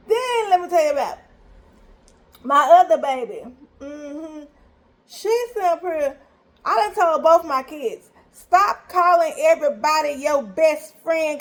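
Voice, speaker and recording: High-voiced, animated storytelling mother. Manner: animated, chatty, emphatic storytelling with repetitions. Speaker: mother telling a story to viewers. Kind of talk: casual storytime vlog.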